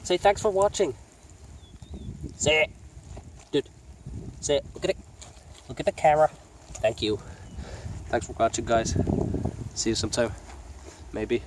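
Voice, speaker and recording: A man's voice: mid-range voice, slight background noise. A man vlogging outdoors by a lake in the rain, sniffly and getting sick, swearing freely as he scolds and coaxes his dog. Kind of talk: casual outdoor vlog talking to his dog. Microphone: phone.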